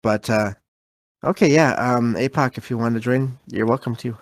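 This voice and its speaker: A man's voice: medium pitch, moderate pace, dry recording. A man hosting a paranormal call-in podcast, easygoing and repeating words as he talks. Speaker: podcast host.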